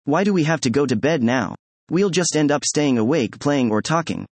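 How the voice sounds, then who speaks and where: A man's voice: a little high, expressive, normal speed, no room sound. Man reading a scared little girl imploring. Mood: protesting. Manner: imploring, timid. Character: young girl twin, scared and insistent.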